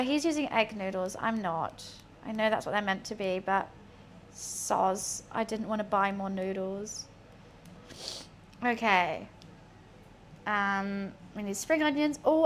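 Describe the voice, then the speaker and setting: A woman's voice: mid-range voice, slight background noise. A young woman chatting casually to herself while cooking on a livestream, swearing now and then. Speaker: streamer.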